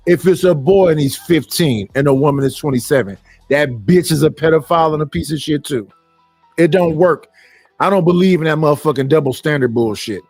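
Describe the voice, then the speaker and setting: A man's voice: on the high side, lively intonation, fairly quick, a little mellow, no room sound, faint music behind. Blunt, profane middle-aged man ranting. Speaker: stream host. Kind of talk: casual live-stream rant.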